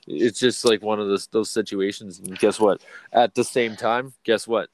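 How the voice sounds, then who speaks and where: A man's voice: fairly low pitch, steady tone, moderate pace. A man in his thirties co-hosting a podcast, chatting casually with heavy swearing and frequent laughs. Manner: profane, rambling, laughs often. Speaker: podcast co-host. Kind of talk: casual chat.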